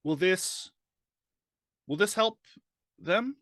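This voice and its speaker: A man's voice: high-pitched, animated, very slow, fairly bright tone, no echo, clean studio sound, voice pushed up, full character voice. Man doing a stammering, pleading strapped-down man. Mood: nervous, pleading. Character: nervous earnest man strapped to a gurney.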